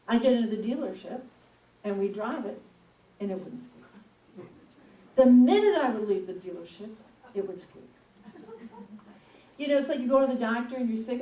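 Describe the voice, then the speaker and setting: A woman speaking from the pulpit, telling a personal story in an animated, conversational way. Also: a little high. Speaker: speaker at a spiritual center. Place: church hall. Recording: echoey room, mic at a distance.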